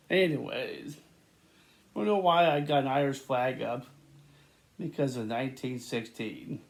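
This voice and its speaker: A man talking in a rambling, casual monologue to his viewers, repeating words, restarting sentences and breaking into loud laughter. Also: medium pitch, takes it slowly, vocal fry, long pauses. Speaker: vlogger.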